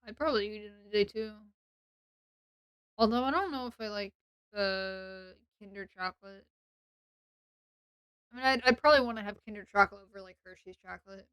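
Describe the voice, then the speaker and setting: A woman's voice: mid-range voice, fairly bright tone, clean tone, no echo, clean studio sound. A woman with an English accent, chatting sarcastically and playfully on a role-play stream. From England. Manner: sarcastic and playful, quick asides.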